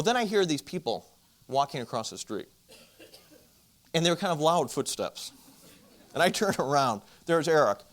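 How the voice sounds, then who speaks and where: A man speaking at a marriage conference, telling a self-deprecating story and addressing the audience with direct questions, his volume swinging from loud to hushed. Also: mid-range voice. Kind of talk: storytelling Christian talk.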